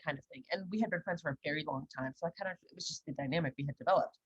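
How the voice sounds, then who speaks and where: On a podcast, this young co-host chats casually, delivering blunt, lively stories with acted-out quotes. Her low-pitched, slightly rough voice runs very fast, and the recording is muffled.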